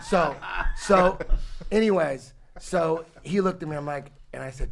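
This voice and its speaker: Rambling, animated man in his forties. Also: a little high, a little slow, creaky. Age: 40s. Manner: rambling, animated, swears a lot, many restarts. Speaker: podcast guest telling a story. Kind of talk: casual profane storytelling.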